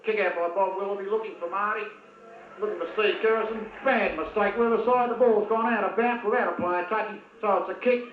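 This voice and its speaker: A man with an Australian accent giving excitable, partisan commentary on a local football match and calling out to the players by name. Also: high voice, fairly quick, echoey room, narrow, tinny audio, slight background noise.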